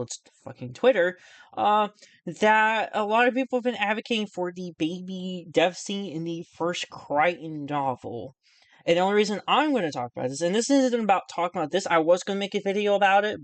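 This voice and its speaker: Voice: mid-range voice, no room sound. Nervous stammering YouTuber, dry sound. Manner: nervous, stammering, self-deprecating, with frequent restarts; swears casually. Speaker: YouTuber responding to another creator. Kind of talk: casual rambling video commentary.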